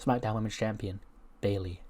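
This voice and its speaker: A man's voice: on the low side, steady tone, a little fast, warm tone. A man hosting a game channel, narrating a simulated wrestling show in a loose, chatty, mildly profane way. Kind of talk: casual let's-play narration.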